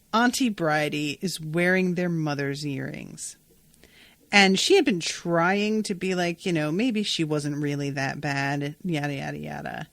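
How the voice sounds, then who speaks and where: A woman's voice: sits low, vocal fry, dry recording. A woman hosting a podcast and recapping a TV episode in a casual, gushing way, and she swears freely. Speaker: podcast host.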